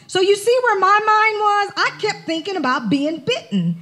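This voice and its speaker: High-voiced woman telling a sermon story. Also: moderate pace, few pauses. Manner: animated, conversational storytelling. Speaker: spiritual director.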